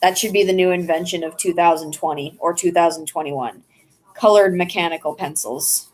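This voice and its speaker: Young woman rambling while drawing, kinda low voice, chatty vlog talk. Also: moderate pace, low-quality recording. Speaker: vlogger. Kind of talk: casual chat while drawing.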